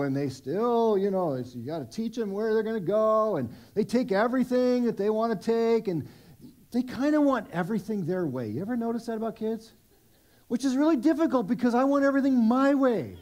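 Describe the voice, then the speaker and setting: A man's voice: sits high, darkish tone. A middle-aged man preaching a sermon at a church service, conversational and self-deprecating, with many restarts. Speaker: pastor.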